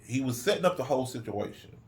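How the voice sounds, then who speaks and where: A middle-aged man casually telling a story, acting out quoted voices in an animated way. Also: mid-range voice, fast talker. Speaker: co-host.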